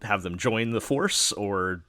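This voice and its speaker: A man's voice: on the low side, slow pace, bright, forceful tone, dry recording. A man from New York chatting casually on a podcast, rambling with lots of fillers and restarts. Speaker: podcast host. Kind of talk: casual chat.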